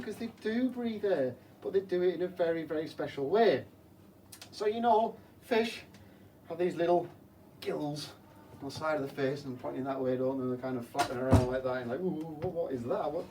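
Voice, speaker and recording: A man's voice: fairly high pitch, fairly quick, mellow. A man working as an aquarium technician, playfully explaining to children while he cleans a school tank, asking them questions along the way. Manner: playful, chatty, asks the kids rhetorical questions. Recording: slightly distant mic with faint hum.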